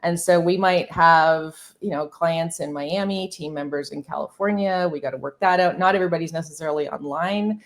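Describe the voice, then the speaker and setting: A woman's voice: deep voice, brisk, few pauses. A woman in her fifties talking candidly as a podcast guest, chatty with many fillers and restarts. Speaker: podcast guest, marketing agency founder. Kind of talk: conversational interview.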